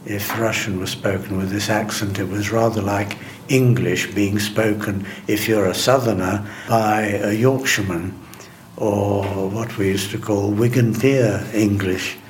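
An older man answering interview questions, telling his memories in a measured, deliberate way with occasional hesitations. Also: lowish voice, fairly even intonation, a little hiss or hum. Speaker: interviewee recalling wartime interpreting.

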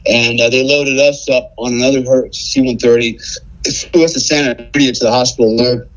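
A man's voice: mid-range voice, steady tone, brisk, dull audio. A man telling a story as a podcast guest, laughing often and tossing in "man" and "right?". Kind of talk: casual storytelling.

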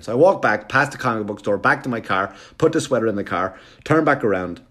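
A man doing stand-up, telling a long story in a quick, animated, profane way. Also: on the low side. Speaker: stand-up comedian.

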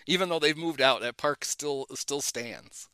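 Speaking as a guest in casual conversation, this middle-aged man recounts baseball-era anecdotes with animation, acting out whoever he's quoting. His voice is a little high and clean, at a measured pace, with no echo.

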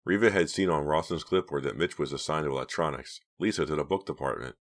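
A man reading an audiobook in steady, measured scripted narration. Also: rumbling low.

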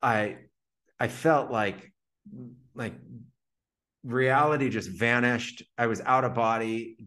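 A man's voice: mid-range voice, takes it slowly, a bit bright. A man being interviewed as a podcast guest, telling a long personal story casually with lots of "like" fillers. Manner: vivid retelling full of "like" fillers.

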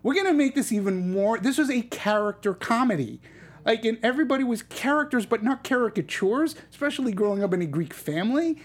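Husky woman hosting a film panel. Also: on the high side, expressive. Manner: chatty, halting with restarts. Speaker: host. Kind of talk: casual panel film review.

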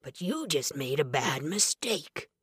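A woman's voice: low voice, very animated, a little slow, fairly bright tone, husky, no room sound, studio quality, exaggerated voice. A woman reading an audiobook, voicing a drunk, belligerent frontier horseman with a thick, coarse, threatening manner. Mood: menacing. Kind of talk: audiobook character voice.

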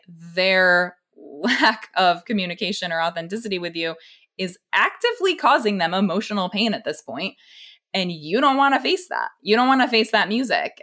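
A woman's voice: low-pitched, a bit bright. A woman co-hosting a podcast, explaining a relationship dynamic in a thoughtful, casual way with fillers like "you know". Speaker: podcast co-host. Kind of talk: casual conversational discussion.

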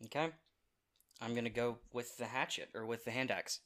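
A man's voice: medium pitch, steady tone, moderate pace, fairly bright tone. A man playing a tabletop game, talking casually and a bit hesitantly. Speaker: player.

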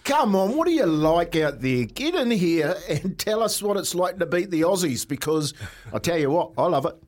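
A man's voice: on the high side, very animated, moderate pace, a little mellow. A New man co-hosting a sports radio show, gleeful and laughing as he banters. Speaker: radio co-host.

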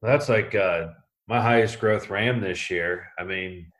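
Low-voiced man speaking earnestly as a guest. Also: a little slow, fairly bright tone. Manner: earnest, explains with many fillers. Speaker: podcast guest, sheep breeder. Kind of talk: casual interview chat.

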